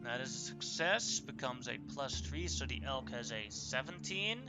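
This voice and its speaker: A man running a tabletop game as game master, explaining rules quickly. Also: medium pitch, animated, over music.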